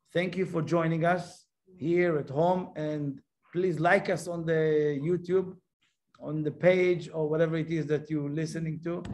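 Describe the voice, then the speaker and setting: A man's voice: sits high, a little mellow. A man giving a spiritual class as a Kabbalah teacher, speaking emphatically, repeating himself and asking rhetorical questions.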